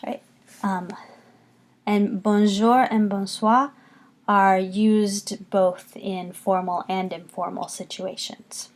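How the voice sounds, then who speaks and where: A woman's voice: medium pitch, steady tone. A woman teaching a beginner French lesson, patiently repeating each word for her students. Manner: patient, slow, repeats words for students to copy. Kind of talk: recorded classroom lesson.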